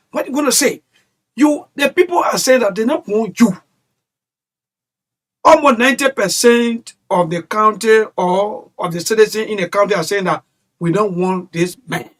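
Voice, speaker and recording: Man, high voice, radio talk host, animated, emphatic, rambling.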